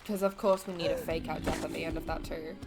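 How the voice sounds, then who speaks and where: A young Australian woman reacting to films, exasperated and swearing as she yells at the screen. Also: low voice, steady tone, fast, loud music behind the voice. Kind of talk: casual reaction commentary. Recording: film audio playing behind.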